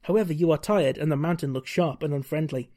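On his podcast, a man reads narration from a gamebook in a steady way, punctuated by wry, joking remarks and lots of laughing. His voice sits on the high side with a dark tone, and he talks quickly.

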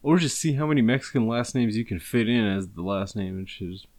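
A man's voice: fairly low pitch, animated, a little fast, darkish tone. Crude joking man in casual chat. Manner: crude, joking, heavy swearing.

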